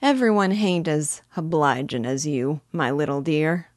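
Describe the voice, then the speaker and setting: A woman's voice: low-pitched, measured pace, darkish tone, dry recording, clean studio sound. A woman voicing a cheeky male cockney burglar who drops his aitches and drawls slang. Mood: gruff.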